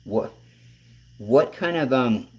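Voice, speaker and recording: A man's voice: medium pitch, expressive, slow pace, a little mellow, breathy edge. A man hosting a casual talk show, asking long rambling questions that restart and drift, with some swearing. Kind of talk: casual interview chat.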